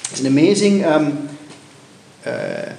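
A man preaching a sermon, telling a story with many restarts and rising excitement at its loud moments. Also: a little high, gravelly, reverberant, slight background noise. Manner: halting, many restarts, rises when telling of shouting.

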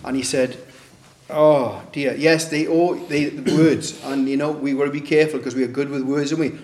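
Chatty preacher in an echoey hall. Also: male voice, fairly high pitch, moderate pace, darkish tone, slight background noise. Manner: conversational, rhetorical questions, acts out quoted voices. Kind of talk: sermon. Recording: echoey room.

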